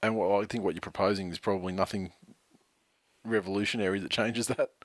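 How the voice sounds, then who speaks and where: Australian male podcast co-host, low voice, dry banter, close dry sound. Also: fairly even intonation, quick pace, no echo. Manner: dry, reads tweets aloud with laughs and swearing. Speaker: podcast co-host reading listener messages. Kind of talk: casual sports podcast banter.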